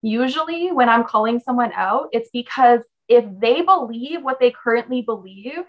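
A woman's voice: fairly high pitch, animated, normal speed, dull audio. Emphatic encouraging woman coach. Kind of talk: coaching conversation.

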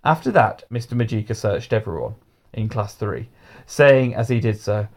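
Lively man reading a storybook. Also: lowish voice, moderate pace.

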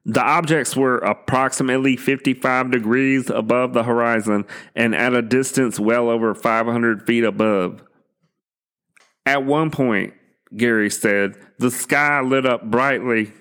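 A man's voice: medium pitch, unhurried, fairly bright tone, smooth, voice pushed up. A man putting on a mock Australian accent to read out a UFO sighting report for laughs. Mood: mock-earnest. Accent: put-on Australian. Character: male podcast host reading a UFO report in a mock Aussie voice. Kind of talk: comic read-through of a report.

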